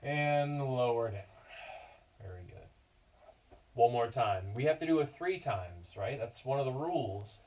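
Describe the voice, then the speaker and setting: A man's voice: mid-range voice, animated, unhurried, pauses often, darkish tone, distant mic, low-quality recording. A man teaching a yoga class for children, giving cues in an encouraging, playful way and chatting to his dog between poses. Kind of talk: guiding a kids yoga class.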